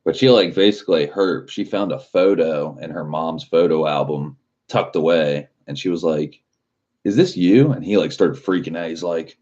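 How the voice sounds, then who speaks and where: A man's voice: extremely low pitch, fairly even intonation, moderate pace, a little mellow, muffled recording. A man live streaming in a casual chat, rambling loosely with lots of filler words and swearing.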